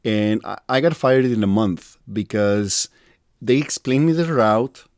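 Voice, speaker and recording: A man's voice: fairly low pitch, lively intonation, unhurried, a little mellow, no echo, studio quality. A man, a podcast host chatting casually and joking about himself. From Mexico City. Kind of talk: casual interview chat.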